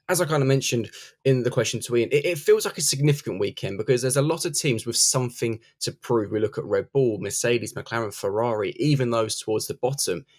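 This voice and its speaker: A man hosting a podcast, reading a scripted intro and then asking his guests questions in a measured way. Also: fairly low pitch. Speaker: podcast host.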